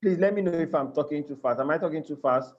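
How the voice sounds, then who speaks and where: Speaking fast in a voice on the high side, a Nigerian-accented man runs a live online class through a video call that sounds muffled and a little mellow. He comes across as earnest, restarting and repeating phrases and regularly checking in with the people listening.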